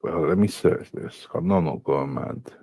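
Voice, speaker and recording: Very deep-voiced curious man. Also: moderate pace, vocal fry, mellow, husky, no echo. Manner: curious, keeps asking questions. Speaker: podcast co-host. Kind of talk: casual banter.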